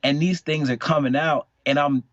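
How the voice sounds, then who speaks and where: A man's voice: fairly high pitch, normal speed. A man in his late twenties chatting casually on a podcast, telling a personal story in a candid, rambling way. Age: late 20s. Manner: candid, rambling, lively storyteller with many fillers. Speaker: podcast co-host. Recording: dull, dry podcast audio.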